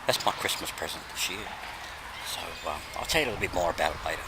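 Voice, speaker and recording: A man with an Australian accent, hoarse and losing his voice, chatting in a rambling vlog with many ums and little laughs. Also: low-pitched, animated, fast. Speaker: vlogger. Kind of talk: casual vlog chat. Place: walking outdoors. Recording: outdoor background noise.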